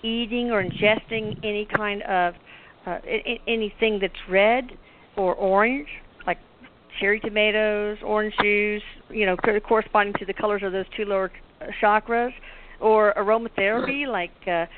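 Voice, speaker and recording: A middle-aged woman host asking a long question quickly, halting now and then on "uh". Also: medium pitch, fairly even intonation. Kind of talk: casual question to a guest. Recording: tinny phone line with faint hiss.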